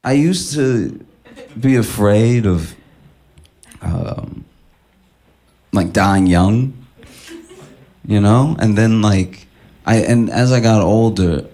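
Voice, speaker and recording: A man doing stand-up comedy, musing slowly with hesitant fillers. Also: on the low side, dark tone. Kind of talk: stand-up routine.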